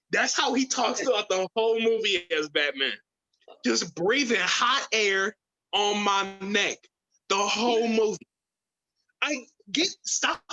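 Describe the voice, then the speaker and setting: A man co-hosting a casual podcast. He argues in an animated, opinionated way and stumbles over his words. His voice is bright and forward, heard through a slightly dull, lo-fi recording. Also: high voice. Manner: animated, opinionated, mocks voices with gravelly whispers. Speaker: podcast co-host. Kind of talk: casual chat.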